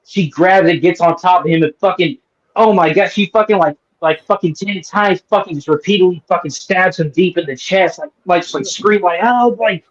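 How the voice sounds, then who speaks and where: A man's voice: sits high, normal speed. A man hosting a casual movie review chat, rambling and swearing with lots of fillers and restarts. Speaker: host. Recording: dull lo-fi sound.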